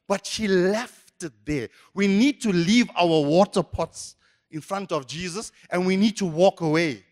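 A man's voice: sits high, a little slow, darkish tone. A man preaching a sermon as pastor, emphatic and repetitive. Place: church hall. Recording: echoey church hall.

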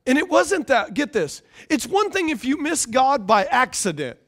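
A man pastor preaching a sermon in a conversational, animated way, often repeating his phrases. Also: extremely high pitch, moderate pace.

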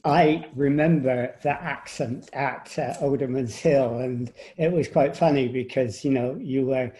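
A man co-hosting an interview, relaxed and talkative. His voice is mellow and warm, with a middle pitch. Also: measured pace, rough recording. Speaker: co-host. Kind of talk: casual interview talk.

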